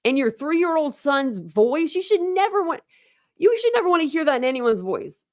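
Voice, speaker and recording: This true crime channel host, an adult with a young son, speaks in a high-pitched, sing-song voice at a moderate pace. She reads from court documents on a live stream, then breaks off into rambling, visibly upset reactions full of "like" and restarts. The studio sound is clean, with no room sound.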